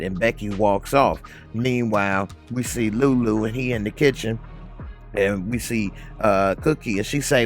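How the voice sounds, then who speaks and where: A man giving a casual, slangy TV episode recap, animated as he retells scenes. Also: fairly low pitch, measured pace, soft background music. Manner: animated, slangy, acts out characters. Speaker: TV recap reviewer.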